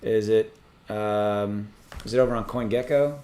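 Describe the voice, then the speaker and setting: A man hosting a crypto livestream from a home setup, reading out viewer messages in a rambling, halting way with many ums and restarts. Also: lowish voice, dark tone. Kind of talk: casual livestream chat reading super chats.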